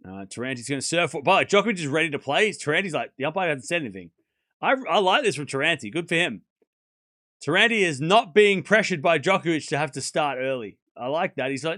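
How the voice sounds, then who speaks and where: A man streaming live play-by-play commentary of a tennis match, calling each shot and reacting loudly to big points. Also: on the high side, quick pace, no echo, studio quality. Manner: excitable, animated, calls each shot. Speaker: watchalong commentator.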